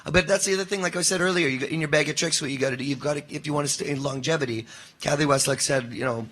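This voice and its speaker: A man's voice: on the high side, rapid-fire. A man who works as a voice actor, chatting casually and animatedly on a convention panel. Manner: animated, expressive storyteller.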